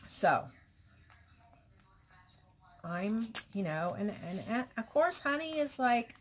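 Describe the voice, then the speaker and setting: Woman, casual vlog, slow pace, nervous, candid, halting speech, drops to whispers, faint background hiss. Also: a little high, very animated. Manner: halting, with many restarts and pauses. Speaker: vlogger.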